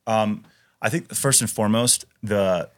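Man, low voice, dry close mic, emphatic casual talk, frequent restarts and fillers. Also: a little slow, dry recording. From Wisconsin, US. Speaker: podcast guest, retired Navy SEAL. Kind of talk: casual conversational storytelling.

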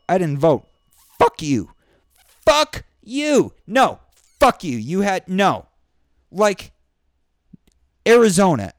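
A man's slightly mellow voice comes through in studio quality, without any room sound. He's hosting a show and venting in a frustrated, profanity-laced monologue, breaking into mocking impressions in a high pitch.

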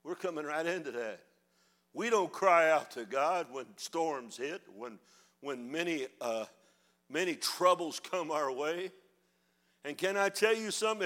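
Older man, fiery sermon, high voice, bright tone. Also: lively intonation, a little slow. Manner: fiery, preaching with rising shouts. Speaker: pastor.

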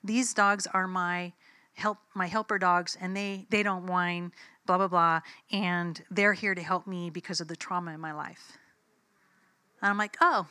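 A woman's voice: lowish voice, moderate pace, long pauses, bright, forceful tone, dry recording. A woman preacher giving a sermon in a conversational, emphatic way, telling personal stories and acting out the dialogue.

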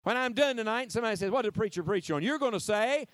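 A male preacher with a notably high voice, delivering a sermon with emphatic repetition and call-and-response prompts. His voice sounds dry and close, with almost no room echo. Playful asides break up the pulpit cadence. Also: animated, fast talker, fairly bright tone. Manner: emphatic, repeats key phrases, prompts the congregation to respond.

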